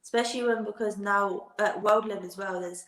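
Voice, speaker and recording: A British woman answering interview questions in a plain, unpolished way, often restarting her sentences. Her voice sits at a middling pitch and carries a noticeable roominess from her remote recording. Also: fairly even intonation, brisk, fairly bright tone. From Britain. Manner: plain-spoken, hesitant restarts. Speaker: guest, professional boxer. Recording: roomy remote audio.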